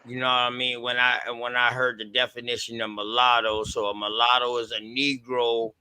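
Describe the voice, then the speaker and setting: A man on a history discussion panel who talks excitedly and cuts in. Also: medium pitch, moderate pace, clear, resonant tone, low-quality recording. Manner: excited, interrupting.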